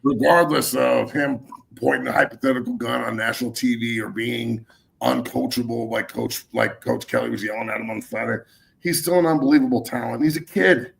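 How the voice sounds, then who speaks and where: Male sports talk host, middle-aged, gravelly, heated profane ranting. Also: mid-range voice, fairly even intonation, fairly quick. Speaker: podcast host.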